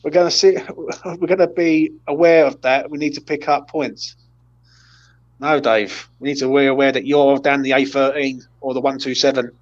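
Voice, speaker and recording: A man's voice: mid-range voice, fairly even intonation, normal speed, lo-fi sound. A man hosting a casual post-match chat, blunt and sweary as he leads the player ratings. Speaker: host of a football fan channel.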